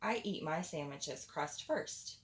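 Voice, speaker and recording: Give me an earnest male badger, as a woman puts him on, loud and plain. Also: low-pitched, expressive, slow, echoey room.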